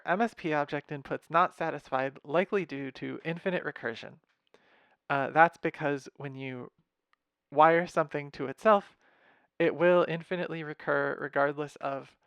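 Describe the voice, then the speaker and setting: A young man casually walking through his music software patch, thinking aloud with fillers and wry asides, recorded at his computer. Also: fairly high pitch, vocal fry, clean tone, dry recording. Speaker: music software tutorial host. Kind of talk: casual screen-share walkthrough.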